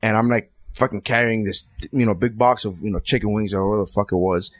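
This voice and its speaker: A man's voice: on the low side, quick pace, dry recording. A man co-hosting a podcast, telling a story in casual chat with lots of swearing and acted-out quotes. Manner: profane, animated, acts out quoted voices. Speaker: podcast co-host.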